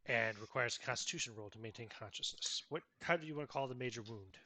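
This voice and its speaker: Bright-voiced man running a tabletop game. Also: medium pitch, no echo. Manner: narrates actions vividly, then pauses to look up rules. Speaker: game master.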